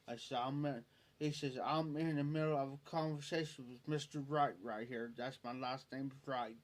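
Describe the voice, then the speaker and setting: A man's voice: medium pitch, steady tone, normal speed. A man hosting a live stream, telling a personal story in a rambling way, often repeating himself and quoting what others said. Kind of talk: casual storytelling.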